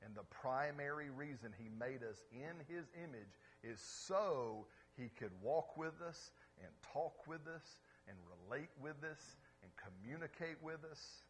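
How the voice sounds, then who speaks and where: A man's voice: mid-range voice, lively intonation, unhurried, hardly any pauses, a little hiss or hum. A man preaching a sermon as pastor, emphatic and often checking in with his listeners. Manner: emphatic, asks the congregation questions.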